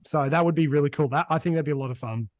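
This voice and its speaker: A man's voice: fairly high pitch, rapid-fire, no room sound. A man with a Brisbane Australian accent, chatting casually on a podcast, rambling with lots of fillers. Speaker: podcast co-host. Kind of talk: casual chat.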